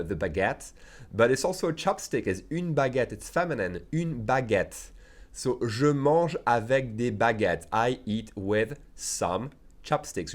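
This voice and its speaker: Patient man teaching a language lesson. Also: lowish voice. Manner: patient, methodical, often checking in with "okay?". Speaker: French teacher.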